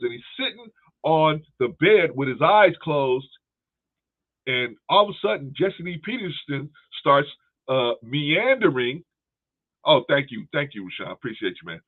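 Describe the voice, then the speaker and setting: A man hosting a livestream, giving casual commentary, laughing often and peppering his talk with "man" as he thanks viewers for donations. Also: on the high side. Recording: tinny phone-like audio.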